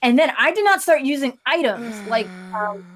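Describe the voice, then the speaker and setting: A woman's voice: sits high, animated, normal speed, a bit bright, slight background noise. A woman co-hosting a casual podcast chat, ranting heatedly and swearing freely. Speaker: podcast co-host.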